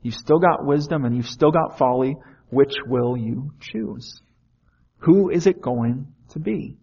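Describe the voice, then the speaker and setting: A man's voice: mid-range voice, slow, vocal fry, dark tone, slightly rough, dull audio. A man preaching a sermon in an earnest way, often asking the listeners questions.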